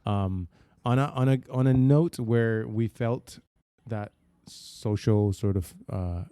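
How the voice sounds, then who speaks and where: A man co-hosting a casual podcast chat, laughing often and breaking into high-pitched bursts of laughter. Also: slow, warm tone, smooth, no echo, studio quality. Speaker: podcast co-host.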